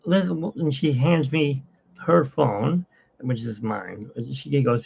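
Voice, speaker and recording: A man's voice: medium pitch, slow pace, vocal fry, breathy edge. A man hosting a casual livestream from his phone, rambling and chatty with frequent laughs, in dull lo-fi phone audio. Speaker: livestream host.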